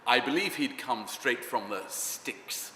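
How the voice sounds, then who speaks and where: A man playing a grandiose male dialect coach who talks slowly and admires himself. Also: medium pitch, animated, sharp tone, echoey room, long reverb tail, slight background noise. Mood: self-admiring. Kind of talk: mockumentary interview acting.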